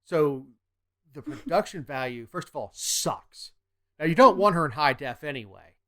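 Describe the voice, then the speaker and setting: A man's voice: fairly high pitch, lively intonation, moderate pace, fairly bright tone. A man co-hosting a political podcast, talking bluntly and opinionated in casual chat. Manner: blunt, opinionated, drops into mocking impressions. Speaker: podcast co-host.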